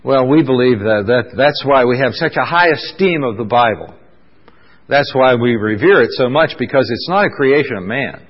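A man's voice: mid-range voice, expressive, breathy edge. Preacher man in a reverberant church hall. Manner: conversational, fills pauses with "uh", asks the congregation questions. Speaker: pastor. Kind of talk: sermon. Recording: dull lo-fi sound with long hall reverb.

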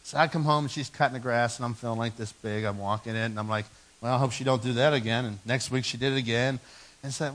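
A man in his forties preaching a sermon in a church, telling stories with animated, self-mocking humor. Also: mid-range voice, fast talker, poor audio. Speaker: pastor. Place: church sanctuary.

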